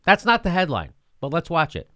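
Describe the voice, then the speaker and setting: A man's voice: a little high, wildly swooping pitch, brisk, sharp tone, faint music behind. A man hosting a show, giving heated political commentary, indignant and sarcastic, repeating his points with profanity. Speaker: host.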